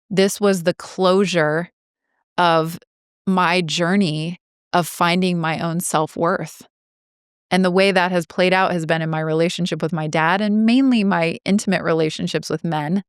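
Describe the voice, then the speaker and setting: A woman in her forties shares a personal story in an earnest, reflective way, drawing out the phrases that matter most. Her voice sits a little low and sounds smooth and clear. It is recorded dry and close, with no room sound. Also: no room sound. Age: 40s. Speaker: podcast host.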